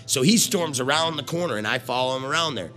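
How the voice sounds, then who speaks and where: A man's voice: medium pitch, expressive, fast talker, a bit bright. A middle-aged man telling a story in a blunt, rambling, foul-mouthed way. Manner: profane, blunt, swears constantly; rambling with restarts. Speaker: former carnival worker. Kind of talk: casual storytelling.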